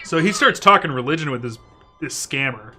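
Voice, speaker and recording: A man's voice: on the high side, lively intonation, a little fast, bright, forceful tone, faint music behind. A young man chatting casually while gaming, telling a story animatedly, swearing often and laughing mid-sentence. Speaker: co-op gaming channel host.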